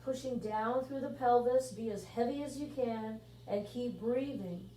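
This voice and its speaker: A woman pilates instructor guiding a workout class and counting out the moves in a steady rhythm. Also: on the high side, measured pace. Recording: echoey room, mic at a distance, faint hum.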